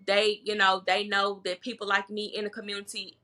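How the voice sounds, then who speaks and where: A woman's voice: medium pitch, completely flat delivery, brisk, bright, forceful tone. A woman speaking as a herbalist guest in a casual podcast chat, bold and emphatic, often repeating words to drive a point home.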